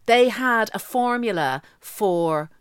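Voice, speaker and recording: A woman's voice: mid-range voice, animated, slow, clear, resonant tone, dry recording, clean studio sound. A woman co-hosting a podcast, chatting and explaining with asides and easy laughs. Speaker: podcast co-host. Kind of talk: casual chat.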